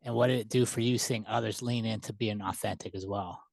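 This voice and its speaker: A woman's voice: very deep voice, steady tone, a little fast, vocal fry, a little mellow, dry recording. A woman hosting a podcast who asks interview questions in a casual, reflective way, recapping the guest's words before asking. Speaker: podcast host.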